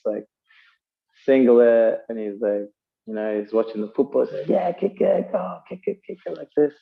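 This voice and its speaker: A man's voice: lowish voice, phone-quality sound. A man giving a conversational sermon, telling stories and using fillers as he explains scripture. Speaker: preacher.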